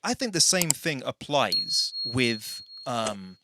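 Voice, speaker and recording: A man's voice: mid-range voice, very animated, slow, noisy background. A man hosting a casual podcast, rambling through tangents and correcting himself as he goes. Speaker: podcast host.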